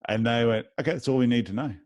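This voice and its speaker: A man's voice: medium pitch, fast talker, a little mellow, no echo, studio quality. A man who owns a podiatry clinic, telling anecdotes in a casual interview and acting out the dialogue of the people in them. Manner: tells anecdotes with lots of reported dialogue. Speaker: podiatry clinic owner as guest.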